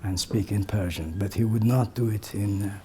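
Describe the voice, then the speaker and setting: An older man recalling memories for a gathering in a slow, reflective way, his voice often sinking to a soft, breathy near-whisper. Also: fairly low pitch, a little hiss or hum. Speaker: community elder sharing memories. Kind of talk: reminiscing talk to a gathering.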